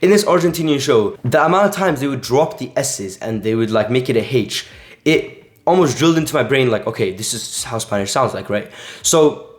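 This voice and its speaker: A man's voice: mid-range voice, expressive, brisk. A young man teaching casually in a vlog, rambling with lots of filler words. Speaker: language coach. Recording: echoey room.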